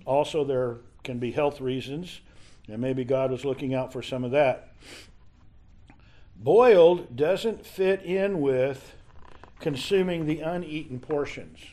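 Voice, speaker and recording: A man teaching a Bible study lesson in a halting, conversational way, often restarting his sentences. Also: medium pitch, warm tone.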